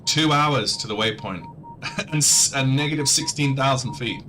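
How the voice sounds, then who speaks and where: This livestreamer and audiobook narrator has a mid-range voice and talks at a normal speed, with noise in the background. Commentating his flight-sim stream, he's chatty and rambling, frequently starting sentences over.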